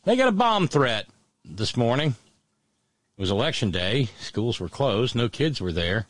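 A man hosting solo political commentary, sardonic and halting, often restarting his words. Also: medium pitch, very animated, dry recording.

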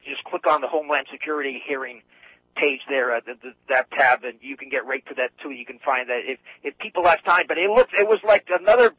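A man's voice: mid-range voice, husky, no echo. Rambling New England man on a phone line. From New Hampshire. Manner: rambling, halting, many restarts. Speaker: caller. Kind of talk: phone-in call. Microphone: telephone.

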